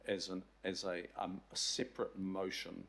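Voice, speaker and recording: A man's voice: sits low, flat delivery, normal speed, gravelly, a bit bright. A man with a New Zealand accent speaking as a councillor in a council meeting, earnest and clarifying.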